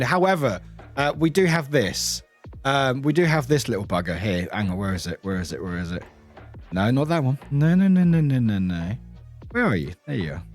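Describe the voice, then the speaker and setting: Animated British streamer man. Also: medium pitch, brisk, faint music behind. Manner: animated, laughing, greeting chat by name. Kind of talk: casual live-stream chat. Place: home room.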